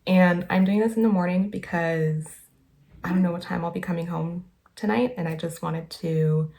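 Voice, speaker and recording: A young woman hosting a casual reaction vlog, excitable and gushing as she talks to her viewers. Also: on the low side, vocal fry. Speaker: reaction video creator.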